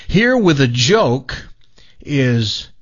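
A man hosting a radio show in easy on-air chat, excitable, with a lot of stumbling restarts. His voice is husky and bounces around in pitch. The studio sound is dull and lo-fi. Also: drawn-out words.

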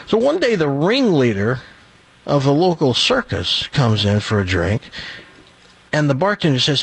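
Chatty, husky-voiced radio host. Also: male voice, fairly high pitch, very animated, brisk. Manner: chatty, rambling, chuckling at his own jokes. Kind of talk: casual joke telling and live ad read.

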